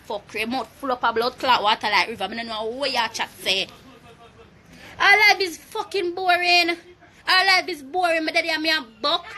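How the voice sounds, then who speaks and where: A young woman with a Jamaican accent, ranting loudly and profanely on a phone livestream, taunting a rival. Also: sits high. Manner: loud, profane, taunting rant. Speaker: Instagram live streamer. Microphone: phone mic.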